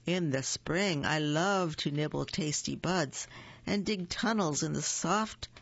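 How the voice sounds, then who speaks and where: A storybook reader voicing a small, sweet, friendly mouse in a raised, gentle voice. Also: mid-range voice, takes it slowly, vocal fry, husky, dull audio, full character voice. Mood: cheerful.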